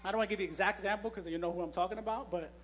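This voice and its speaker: Male preacher, high voice, relaxed storytelling sermon with jokes and restarts. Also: racing. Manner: joking, storytelling, frequent restarts. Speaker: pastor. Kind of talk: conversational sermon. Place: church.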